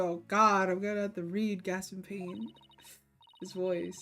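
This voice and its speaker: A woman's voice: medium pitch, flat delivery, measured pace, fairly bright tone. A woman streamer giving casual gameplay commentary, chatty and self-deprecating, laughing often, her voice a little sore. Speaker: streamer playing a game.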